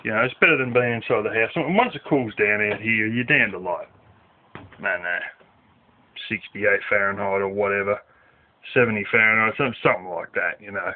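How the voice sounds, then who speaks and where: A man's voice: fairly low pitch, a little fast, slight background noise. A man, talking casually in a rambling vlog, swearing and using lots of fillers, recorded outdoors at night. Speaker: vlogger. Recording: dry, phone-like lo-fi sound.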